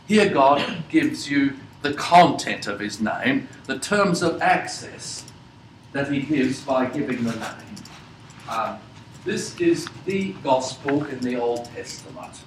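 A man teaching a Bible class, asking his listeners questions and pausing often with fillers. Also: fairly high pitch, echoey room, recorded from a distance, slight background noise, poor audio. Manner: slow, questioning, many fillers.

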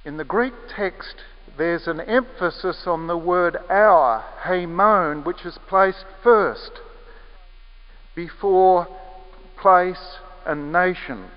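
A man preaching a sermon with measured, emphatic phrasing, leaning on repeated key words. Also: fairly high pitch. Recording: echoey hall, muffled lo-fi sound.

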